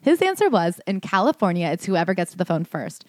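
Fast-talking sarcastic woman podcast host. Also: on the low side, very animated, no room sound, clean studio sound. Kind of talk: reading aloud and commenting in casual chat.

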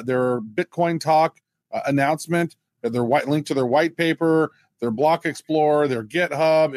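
Male co-host, higher voice, dry close mic, loose and jokey. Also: no room sound. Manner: animated, joking, mimics others in quotes. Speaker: podcast co-host. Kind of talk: casual chat.

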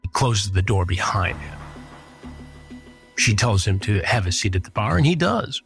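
A man's voice: lowish voice, very animated, normal speed, vocal fry, a bit bright, soft background music. Man telling a true-crime story. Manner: dry, sarcastic asides. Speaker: podcast host narrating a past sting.

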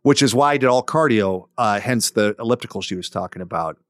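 A man hosting a podcast, reading a listener letter aloud with relaxed, joking asides. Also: fairly low pitch, brisk, no echo, studio quality. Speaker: podcast host.

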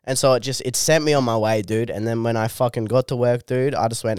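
A young man co-hosting a podcast, telling stories in profane, drawn-out mock rants. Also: medium pitch, steady tone, a little mellow, clear, resonant tone, no echo, studio quality. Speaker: podcast co-host. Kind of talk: crude casual banter.

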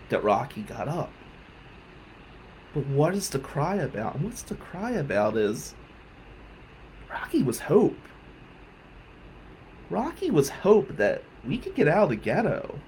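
A man telling a personal story on his podcast, heartfelt, moving between loud emphasis and quiet reflection. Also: medium pitch, a little hiss or hum, poor audio. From South Jersey. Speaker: podcast host.

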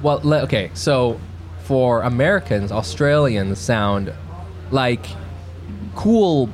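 A podcast host rambles in a laid-back, casual chat, swearing now and then. His mid-range voice is expressive and slow, with faint music behind it.

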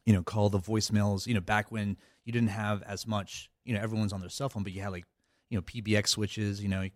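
A man speaks as an interview guest in a low, deep voice. He rambles, restarting phrases and leaning on fillers. The sound is dry and close. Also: little pitch movement, quick pace, no echo. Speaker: cybersecurity guest. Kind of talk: casual interview talk.

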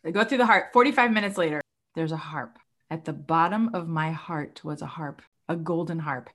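A young woman, appearing as a guest, tells a personal story in conversation. She's expressive and readily acts out other people's voices, leaping dramatically in pitch as she quotes them.

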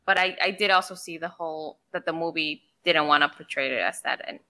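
A woman's voice: deep voice, brisk, sharp tone. A woman co-hosting a casual book podcast, hesitant and thinking aloud with many fillers. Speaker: podcast co-host. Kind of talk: casual book club chat.

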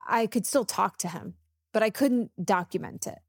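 A woman's voice: medium pitch, normal speed, husky, no echo, studio quality. A woman co-hosting a podcast, chatting casually and telling stories with acted-out dialogue. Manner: animated storyteller, acts out dialogue. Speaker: podcast co-host. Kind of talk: casual chat.

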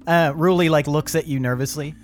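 A woman's voice: sits low, steady tone, a little fast, darkish tone, soft background music. A woman narrating as game master of a tabletop game, laughing often as she describes the scene.

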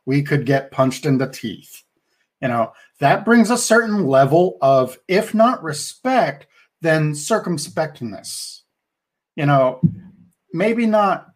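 A man talking through his views on a casual podcast discussion. He is deliberate and reflective and often restarts his sentences. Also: on the high side. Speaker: podcast co-host.

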